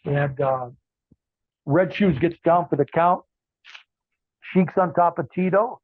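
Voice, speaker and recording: Older guy rambling through old stories, lots of uhs, sounds like a phone call, kinda highish voice. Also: slow pace, dry recording. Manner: rambling anecdotes with many fillers and restarts. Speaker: interview guest, former wrestler and ring announcer. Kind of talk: casual storytelling interview. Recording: tinny phone-like line, dry.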